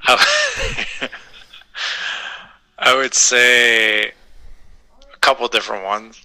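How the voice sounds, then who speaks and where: A man in his forties chatting casually as a podcast guest, self-deprecating and quick to laugh. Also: mid-range voice, huge pitch swings, bright, forceful tone, poor audio. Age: 40s. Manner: self-deprecating, laughs often, breaks into playful voices. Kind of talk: casual interview chat.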